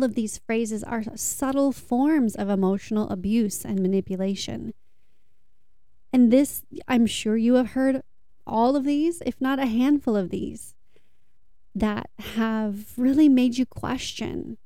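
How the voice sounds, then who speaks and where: A woman giving a tarot reading and earnest self-help talk to viewers, soothing and deliberate. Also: a little high, warm tone, no room sound, clean studio sound. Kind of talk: slow reflective talk to viewers.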